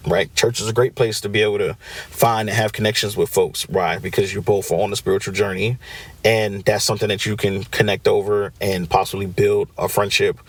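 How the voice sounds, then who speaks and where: A man hosting a podcast, talking casually on his own, often checking in with "right?" and acting out what friends say. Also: on the low side. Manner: conversational, frequent "right?" check-ins, acts out quoted friends. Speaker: podcast host. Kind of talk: casual solo podcast talk.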